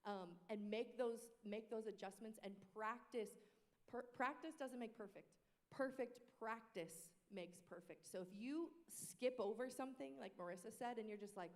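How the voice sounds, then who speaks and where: A woman who leads a worship team, sharing practice tips on a panel in a lively, expressive way. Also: a little high, normal speed. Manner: lively and expressive, breaking into sung demonstrations. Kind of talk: casual panel discussion. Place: church worship space. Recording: echoey hall reverb.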